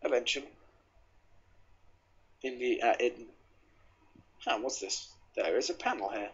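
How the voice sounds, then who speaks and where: A man's voice: medium pitch, expressive, a little slow, long pauses, fairly bright tone, husky. A man from England giving casual, joking commentary while playing a video game, reading the on-screen text aloud. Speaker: gameplay commentator. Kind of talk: casual let's play commentary. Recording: dull lo-fi mic.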